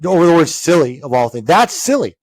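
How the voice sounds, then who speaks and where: A man's voice: on the high side, sing-song, fairly quick, a little mellow, dry recording, clean studio sound. Profane man telling stories, teasing. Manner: profane, mock-pompous, teasing. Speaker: podcast co-host. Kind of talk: casual chat, storytelling.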